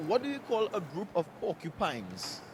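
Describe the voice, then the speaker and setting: A man's voice: high voice, huge pitch swings, moderate pace, background noise. A man interviewing passers-by on a city street in a playful, teasing quiz style. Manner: playful, teasing, sing-song questioning.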